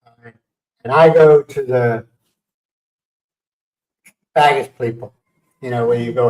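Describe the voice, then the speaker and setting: A man hosting a casual livestream who tells stories in a lively way and acts out what people said. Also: medium pitch, measured pace, pauses often. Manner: animated storyteller acting out quotes. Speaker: livestream host. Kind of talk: casual storytelling chat. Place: home livestream setup. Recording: roomy sound from a distant mic.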